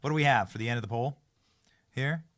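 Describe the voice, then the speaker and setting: An energetic man hosts a live-streamed show from his studio. He chats casually in a mid-range voice, hyping guests and tripping over his own phrases as he repeats them. He sounds loose, upbeat and unscripted. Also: medium pitch, fast. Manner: excitable, repeats and restarts phrases, hypes guests. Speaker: political talk show host.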